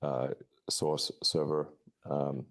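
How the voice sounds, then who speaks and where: A man answering interview questions in a halting way, stammering and restarting often. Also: very deep voice, level tone, creaky. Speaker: interview guest.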